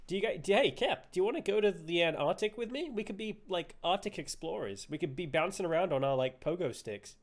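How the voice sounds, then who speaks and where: Man, game streamer, joking, lively pitch, silly commentary. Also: brisk, few pauses. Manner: joking, giggly, silly asides.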